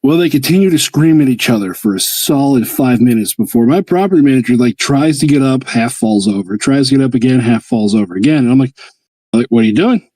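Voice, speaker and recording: A man's voice: a little fast, no room sound, rough recording. A man, host of a hobby livestream, telling a long story in casual chat and acting out the quotes with big jumps in his voice. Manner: animated, acts out quotes with jumps in pitch.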